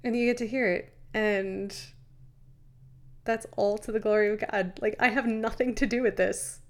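A woman's voice: mid-range voice, steady tone, moderate pace. A woman from New York co-hosting a casual Christian podcast, talking earnestly about faith and sharing her own testimony into a microphone. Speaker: podcast co-host. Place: sitting on a bench. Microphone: studio microphone.

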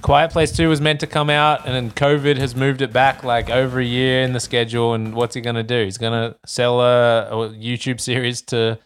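Animated man recapping a movie. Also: mid-range voice, normal speed, few pauses, slight background noise. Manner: animated, acts out quoted lines of characters. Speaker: podcast co-host. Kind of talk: casual chat recapping a movie.

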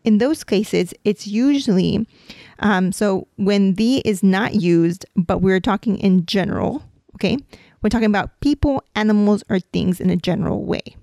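A woman's voice: mid-range voice, moderate pace, gravelly, mellow, no echo, clean studio sound. A woman from a Mexican family raised in the United States, explaining dental Spanish patiently with examples, using many "um"s and "like"s. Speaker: dental hygienist teaching dental Spanish. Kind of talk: casual podcast lesson.

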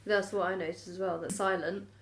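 A woman's voice: lowish voice, fairly even intonation, a little fast. A woman in a casual group discussion, making wry, observant remarks. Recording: roomy echo.

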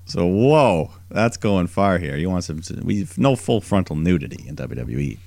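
Co-host, male, low voice with lively swings, chatty recap storyteller. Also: normal speed, gravelly, no room sound, studio quality. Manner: animated storytelling, mimics quoted wrestlers in higher voice. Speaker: podcast co-host. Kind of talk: casual wrestling recap.

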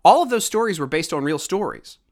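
A man's voice: fairly high pitch, expressive, fairly quick, darkish tone. A man from Baltimore hosting a podcast, ranting in heated, sarcastic political commentary. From Baltimore, USA. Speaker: podcast host.

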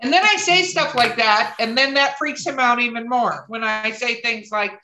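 A woman chatting casually on a podcast with dark humor, laughing often. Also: fairly high pitch, unhurried, long pauses. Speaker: podcast guest author. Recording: roomy echo.

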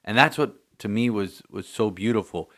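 Male priest podcast host: lowish, earnest, rambling, loose chat. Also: normal speed, a bit bright. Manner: earnest, rambling with many restarts and "you know".

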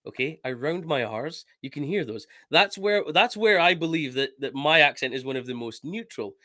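Bright-voiced Scottish man teasing his co-host. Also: a little high, normal speed, no echo, clean studio sound. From Scotland. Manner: animated, teasing. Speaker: podcast co-host. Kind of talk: casual chat.

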